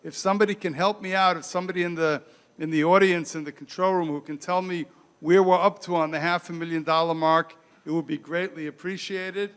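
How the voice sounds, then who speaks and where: A man hosting a live telethon, speaking in an earnest, halting way and thanking a guest. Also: high voice, steady tone, a bit bright, clean tone, long reverb tail. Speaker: telethon host.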